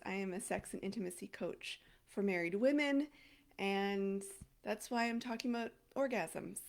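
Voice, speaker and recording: A woman in her thirties, a sex and intimacy coach, talking casually to camera and thinking aloud with frequent restarts. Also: mid-range voice.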